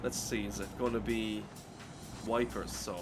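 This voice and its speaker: A man's voice: lowish voice, little pitch movement, a little slow, music in the background. An Irish man streaming a driving game at home, ranting in a rambling, profane way. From Ireland. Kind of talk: casual gameplay commentary.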